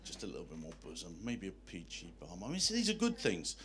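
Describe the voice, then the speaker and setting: A man's voice: sits low, huge pitch swings, fast talker, a bit bright, slight background noise. A man performing a live stand-up comedy set in a hotel function room, telling self-deprecating one-liners.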